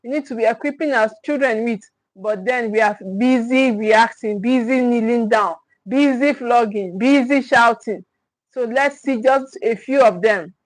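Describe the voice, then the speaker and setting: A woman's voice: a little high, unhurried, no echo, rough recording. Emphatic woman parenting coach. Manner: emphatic, repeats key phrases; speaks directly to the viewers, with check-ins. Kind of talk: livestream teaching talk.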